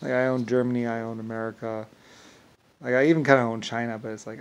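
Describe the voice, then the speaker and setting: Man with a gravelly, mid-pitched voice, rambling and halting through a loose monologue. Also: fairly even intonation. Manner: halting, repetitive, many fillers and restarts; chuckles while telling stories.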